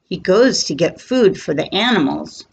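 A woman reading a children's picture book aloud, gentle and expressive. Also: on the low side, normal speed, lo-fi sound, slight background noise. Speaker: storybook reader.

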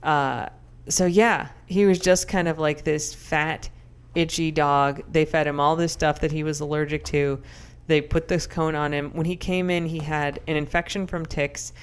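A young adult woman co-hosting a podcast, telling stories in animated, casual chat full of fillers. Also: deep voice, moderate pace, hardly any pauses, clear, resonant tone. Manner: animated, chatty storyteller with many fillers. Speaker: podcast co-host.

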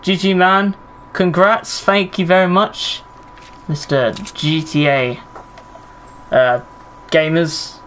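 A man live-streaming a shooter game, talking with his chat as he plays and cursing when things go wrong. His voice sits a little high for a man. Faint ambience hums behind him. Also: flat delivery, slow pace, pauses often, fairly bright tone, a little hiss or hum, rough recording. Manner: chatty, swears when under pressure, answers chat. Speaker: gaming streamer. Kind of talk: live gameplay commentary.

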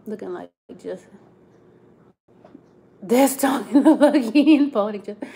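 A woman's voice: a little high, animated, unhurried, warm tone. A woman, chatting casually on a live stream, reading comments and laughing often. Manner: chatty, laughs often, Southern slang like "child" and "y'all".

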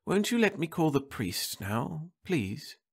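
A man voicing a weary middle-aged wife pleading softly at her dying husband's bedside. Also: medium pitch, big pitch swings, a little slow, voice pushed up. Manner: soft, strained, pleading.

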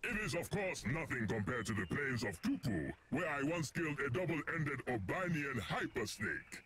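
A regal alien arachnoid fighter for a video game: boastful, formal, exotic alien accent, very sing-song. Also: male voice, medium pitch, very animated, moderate pace, fairly bright tone.

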